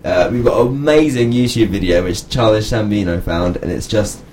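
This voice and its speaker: A man's voice: lowish voice, normal speed, darkish tone, slight background noise. A young man hosting a casual comedy podcast, joking around and laughing often. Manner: playful, laughs often, jokey asides. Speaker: podcast host.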